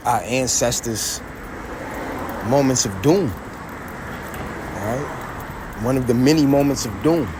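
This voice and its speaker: A man's voice: medium pitch, normal speed, noisy background. A man vlogging outdoors, rambling in a heated, preachy way, quoting scripture and trailing off into mutters. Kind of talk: rambling street vlog with scripture quotes.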